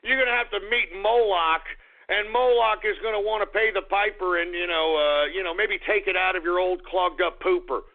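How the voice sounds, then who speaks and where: A man's voice: high voice, moderate pace. A male radio talk show host who rants bluntly and profanely, then reads market figures. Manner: angry, blunt, profane ranting. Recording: tinny phone-like radio audio.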